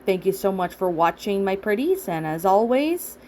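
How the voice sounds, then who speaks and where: A woman's voice: medium pitch, lively intonation, normal speed, darkish tone, slight background noise. A woman reading a first-person horror story aloud as a channel host, in a dramatic storytelling manner. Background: background music.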